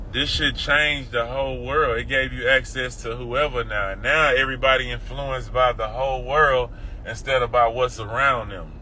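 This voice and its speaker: A man's voice: mid-range voice, pushed and bright, slight background noise, rough recording. A man with a Houston accent hosting a casual livestream from his car while driving, in laid-back, profane, rambling street talk. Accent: Houston, Texas. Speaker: livestream host. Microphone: phone.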